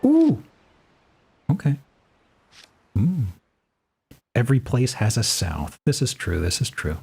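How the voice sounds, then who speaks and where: A man streaming a game live, chatting casually and playfully, with loud, sudden, high-pitched exclamations. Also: huge pitch swings, slow, vocal fry, long pauses, soft background music. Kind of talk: casual live gameplay chat.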